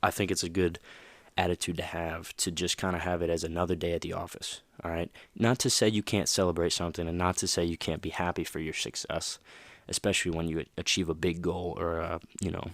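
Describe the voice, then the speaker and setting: Male podcast host, very low voice, rambling and chatty, dry close sound. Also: level tone, brisk, a bit bright, no room sound. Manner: rambling, conversational, asks "right?" often. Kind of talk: casual motivational monologue.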